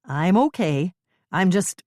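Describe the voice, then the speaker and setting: Shaken woman sleuth, tense and clipped, read by a woman narrator; low voice. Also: a little slow, dry recording, studio quality. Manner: tense, clipped, forcing calm. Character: shaken woman amateur sleuth, steadying herself.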